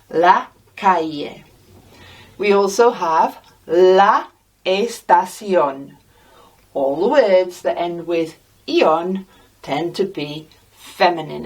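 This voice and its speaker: An English woman teaching a Spanish lesson, repeating each word slowly and deliberately for practice. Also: fairly low pitch, far from the mic. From England. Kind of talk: slow, deliberate language lesson.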